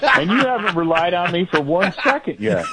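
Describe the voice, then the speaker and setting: A man co-hosting a talk radio show, teasing and animated. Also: sits high, fairly quick, heavy background noise. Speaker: radio co-host.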